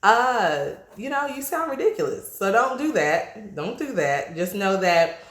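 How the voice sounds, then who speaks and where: A woman's voice: mid-range voice, a little slow. Chatty East Coast woman, roomy echo. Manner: chatty, animated, laughs often, slangy asides. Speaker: vlogger. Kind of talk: casual to-camera chat.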